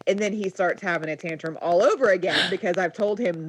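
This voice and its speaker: A young woman tells a story on a podcast in a relaxed, chatty way. Her voice sits at an ordinary middle pitch. She is animated and says "like" constantly as she rambles through it. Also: fairly quick, hardly any pauses, slight background noise, poor audio. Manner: animated storytelling, heavy use of "like". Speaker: podcast co-host. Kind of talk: casual storytelling chat.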